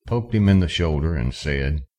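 A male audiobook narrator reads a western in a calm, even pace. His voice sits extremely low. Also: moderate pace. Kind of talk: scripted narration.

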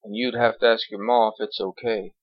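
A man's voice: fairly low pitch, steady tone, brisk, dry recording, dull audio, pitched above the performer's own voice, natural voice. A man putting on a drawling cowboy. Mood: friendly. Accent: Southern US drawl. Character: weathered cowboy man, calm, friendly Southern drawl.

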